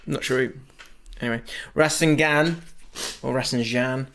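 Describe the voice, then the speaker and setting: A man's voice: mid-range voice, steady tone, normal speed, a bit bright. A man co-hosting a casual podcast, laughing a lot as he reads listener messages aloud. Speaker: podcast co-host. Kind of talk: casual chat.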